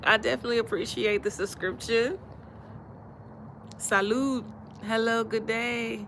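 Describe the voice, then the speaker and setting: A woman's voice: on the high side, a little slow, pauses often, fairly bright tone, slight background noise. A woman from Alabama with a Southern accent, hosting a casual livestream chat, easygoing and laughing often as she repeats her phrases. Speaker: livestream host.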